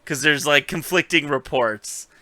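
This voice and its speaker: A man co-hosting a podcast recap with a very bright, forward tone. The sound is close and dry. He tells the story with animated energy, swearing and slipping into the characters' lines, and his tone stays casual throughout. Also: a little high, a little slow, no room sound. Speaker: podcast co-host.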